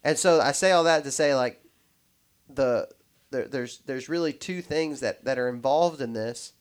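A man's voice: mid-range voice, moderate pace, clear, resonant tone. A man in casual podcast chat, talking in loose, rambling sentences full of restarts and fillers.

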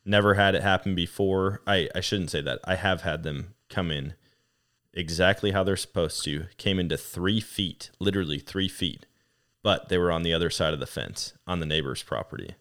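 A man hosting a podcast, telling a hunting story in casual chat, animated and laughing as he acts out what people said. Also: low voice, moderate pace. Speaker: podcast host.

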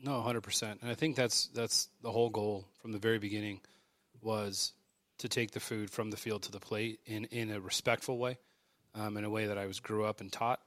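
A man's voice: fairly low pitch, dry recording. A man on a podcast telling stories casually and animatedly, acting out the people in them. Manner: animated, acts out dialogue in quick bursts. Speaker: podcast guest. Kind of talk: casual storytelling.

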